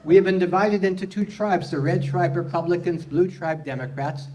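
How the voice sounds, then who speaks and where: A man's voice: high voice, fairly even intonation, moderate pace, a little mellow. A man performing a live stand-up comedy set, delivering puns to an audience in a hall. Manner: punning, playful delivery with audience laughter.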